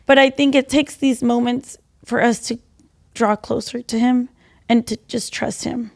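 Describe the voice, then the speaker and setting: Young woman co-host, fairly high voice, earnest faith-centered chat, animated. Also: gravelly. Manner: earnest, animated, quick bursts and soft drops. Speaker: podcast co-host. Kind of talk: casual faith-based chat.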